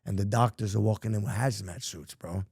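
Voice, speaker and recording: On a podcast, a middle-aged New Yorker bluntly tells his life story, swearing freely and talking street with emphasis. His fairly low voice is brisk, a little mellow and husky, and the studio sound is clean with no room echo.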